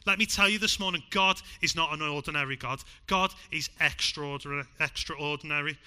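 A Liverpool-accented man delivers a sermon to a church congregation. His voice is strikingly bright and sits a little high. He pushes hard on key lines, then drops to a near hush. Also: moderate pace, hardly any pauses, smooth. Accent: Liverpool (Scouse). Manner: emphatic, swings from loud to hushed. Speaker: preacher.

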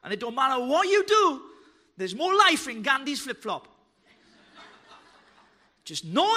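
A man preaching a sermon, fervent and joking, building to shouted declarations. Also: very high voice, big pitch swings, a little slow, pauses often. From Wales. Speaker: pastor. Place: church hall.

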